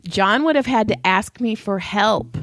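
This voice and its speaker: A woman's voice: mid-range voice, measured pace, a bit bright, dry recording, studio quality. A young adult woman telling stories in casual chat, laughing often, her vocal cords strained. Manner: chatty storyteller, laughs often. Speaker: podcast co-host.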